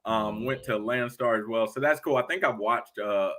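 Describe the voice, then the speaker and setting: A man's voice: mid-range voice, moderate pace. A man who drives a truck, hosting a casual live chat and telling stories with a laugh. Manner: animated storyteller, laughs often. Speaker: host of a live stream.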